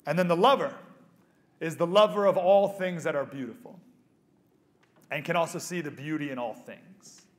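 A man in his thirties speaks to a live audience with a slightly high voice. He is animated, jokes with the crowd, and sometimes drops to a soft, hushed tone. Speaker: speaker at a pro-life event. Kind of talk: live motivational speech to an audience. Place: event venue with a live audience.

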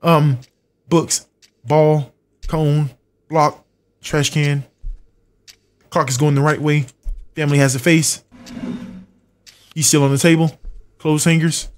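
A man's voice: a little high, little pitch movement, slow, pauses often. A young man streaming a horror game live, muttering checklists to himself, swearing and talking back to his chat. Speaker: gaming streamer.

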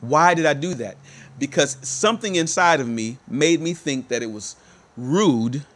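A man's voice: a little high, expressive, a little slow, a bit bright. A man telling a personal story to his viewers, speaking emphatically and repeating that he is telling the truth. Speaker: motivational speaker.

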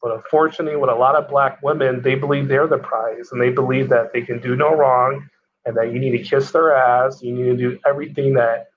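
A man who is a guest on a casual podcast chat, giving his opinions in a measured, matter-of-fact way. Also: mid-range voice, steady tone, phone-quality sound.

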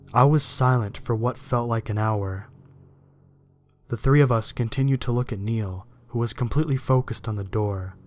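Man narrating a horror story. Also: medium pitch. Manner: steady, measured storytelling reading.

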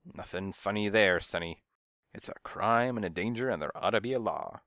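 A man's voice: lowish voice, moderate pace, a bit bright, no echo, clean studio sound. A man voicing a nosy, fussy old woman who scolds and gossips from her windowsill in a storybook reading. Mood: scolding. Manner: fussy, scolding, hard of hearing.

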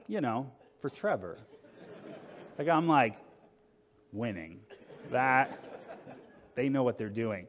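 A man on a conference stage tells a funny story in a casual, wry way, slipping into little voices for the people he quotes. His mid-pitched voice carries a long reverb from the big hall around him. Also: expressive, takes it slowly, long pauses, a little hiss or hum. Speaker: conference speaker. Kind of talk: humorous storytelling talk.

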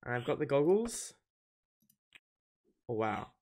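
A man's voice: mid-range voice, sing-song, takes it slowly, a little mellow. Chatty man thinking aloud over a game. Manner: casual, thinks aloud, easily confused. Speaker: gaming channel host. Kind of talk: gameplay commentary.

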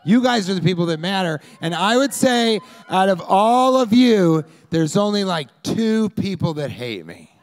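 A man from Colorado, high-voiced and talking at normal speed with few pauses, rambles through a club stand-up set. His pitch swings a lot as he shouts crowd work and plays fans who yell at him.

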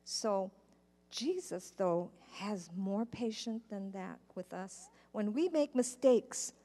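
A woman's voice: mid-range voice, animated, takes it slowly, warm tone. A woman telling a story to children in church, speaking patiently and asking her listeners questions. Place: church sanctuary. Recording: church live stream with long hall reverb.

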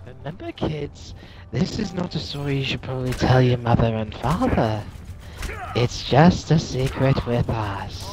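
A man's voice: medium pitch, expressive, pitched below the performer's own voice, lightly acted, rough recording. A man doing a creepy child-luring stranger. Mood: sinister coaxing. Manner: slow, drawn-out, sly.

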